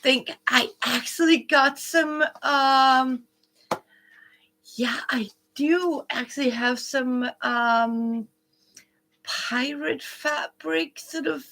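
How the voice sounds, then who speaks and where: Slow-talking, bright-voiced woman chatting. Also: sits high. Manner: chatty, rambling, with many restarts and soft whispered asides. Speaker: quilting livestream host. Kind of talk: casual live chat with viewers. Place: indoors at home, living room.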